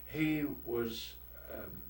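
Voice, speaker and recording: Very slow yet animated, a mid-range-voiced London war veteran in his eighties tells blunt, salty stories for an oral history interview. Faint noise, echo, and a far-off mic mark the recording.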